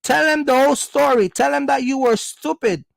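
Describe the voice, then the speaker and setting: Casting: blunt vlogger, high gravelly voice, mocking and scolding. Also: male voice, moderate pace, dry recording. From Jamaica. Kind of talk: opinionated monologue.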